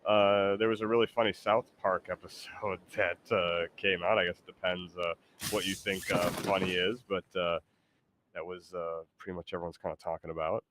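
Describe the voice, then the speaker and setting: A man hosting a livestream, excitable and rambling, with sudden loud bursts. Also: low voice, normal speed, slight background noise. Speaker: streamer host. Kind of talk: casual livestream chat.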